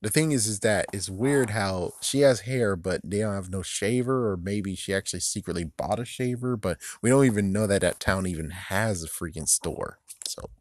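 A man's voice: fairly low pitch, moderate pace, hardly any pauses, a little mellow. A man giving a casual, rambling recap of a TV episode, laughing often and slipping into raised voices to mimic the characters. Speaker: video commentator.

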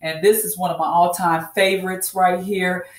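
A woman's voice: fairly low pitch, flat delivery, normal speed. A woman chatting casually through a hair care tutorial, repeating herself and calling her viewers y'all. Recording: echoey room.

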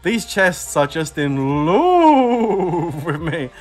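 A man streaming a game, excitable, whooping and laughing as rewards drop. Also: a little high, very slow, soft background music. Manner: excitable, shouting and laughing at drops. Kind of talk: live game commentary.

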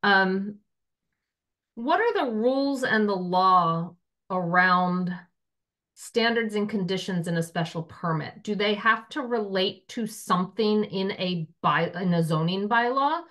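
A woman town councilor asking a question at a committee meeting, thinking aloud with halting restarts. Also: mid-range voice, animated, fairly bright tone.

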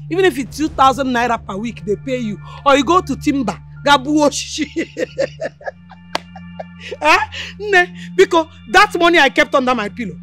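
A woman's voice: high voice, fairly bright tone. Cackling, taunting Nigerian mother. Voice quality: cackling laughter between taunts. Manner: taunting, scolding, drawn-out. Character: mocking scolding Nigerian mother, loud and gloating.

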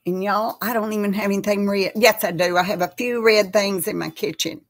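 A woman at a middling pitch hosting a casual live chat. She rambles warmly from topic to topic and reads out viewers' names as she goes. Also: fairly even intonation, a little fast.

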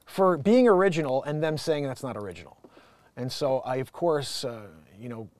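A man's voice: medium pitch, moderate pace, no room sound. A man hosting a live-stream show, talking casually and animatedly with many restarts. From Connecticut, USA. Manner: animated, rambling, frequent restarts. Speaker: livestream show host.

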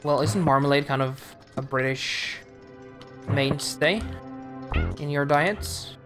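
A woman's voice: low voice, takes it slowly. A woman streaming a game live, casually muttering and swearing at it as she plays. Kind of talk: casual gameplay commentary. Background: music playing.

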